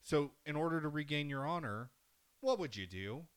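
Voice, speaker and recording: A man in casual podcast chat, telling a video game story in an animated way, swearing freely and acting out the characters. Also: on the high side, normal speed, clear, resonant tone. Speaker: podcast co-host.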